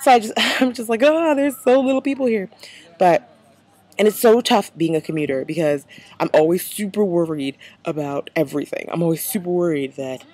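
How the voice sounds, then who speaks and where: A woman's voice: low-pitched, brisk, darkish tone, husky. A young American woman vlogging casually, chatty and rambling with lots of fillers. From United States. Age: young adult. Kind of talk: casual vlog.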